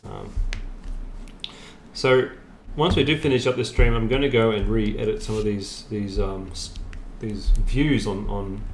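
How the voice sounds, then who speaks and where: A man's voice: fairly low pitch, a little slow, slight background noise. A middle-aged man hosting a craft live stream in casual, self-mocking chat, laughing often. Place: home room. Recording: echoey room, faint ambience.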